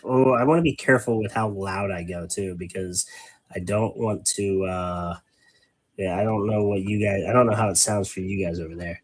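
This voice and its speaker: Husky, wordy male hobby host. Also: low voice, moderate pace, rough recording. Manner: wordy, rambling, self-mocking. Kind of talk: casual chat while painting miniatures.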